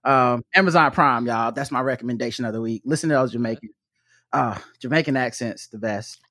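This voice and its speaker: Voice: mid-range voice, a little fast, no room sound. Casual American co-host, curses constantly, laughs mid-story, dry close mic. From United States. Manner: profane, laughing, animated storytelling. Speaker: podcast co-host. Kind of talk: casual chat.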